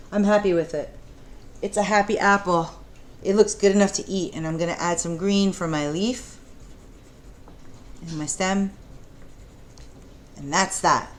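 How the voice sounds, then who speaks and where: A woman teaching a preschool art lesson in a gentle, encouraging way, talking the children through each step and asking them questions. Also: lowish voice, unhurried, pauses often, a little hiss or hum.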